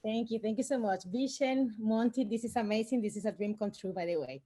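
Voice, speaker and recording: A woman's voice: fairly high pitch, fairly quick, dark tone. A woman from the audience joining live to ask a question, grateful and effusive. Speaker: audience member asking a question.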